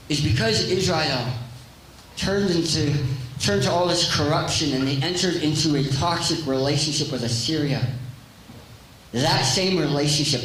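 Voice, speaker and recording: A man's voice: a little high, fairly bright tone, slight background noise. A man preaching a jokey live sermon, quizzing his congregation in a large church hall. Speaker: pastor. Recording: very echoey church hall, faint ambience.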